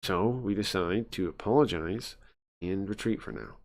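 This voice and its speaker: A man's voice: deep voice, normal speed. A man casually narrating a story game aloud as a streamer, rambling and chatty with lots of fillers.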